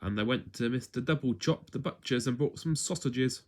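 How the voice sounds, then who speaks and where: A man reading a children's story aloud at home in an expressive, playful way. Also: mid-range voice, normal speed, a little hiss or hum.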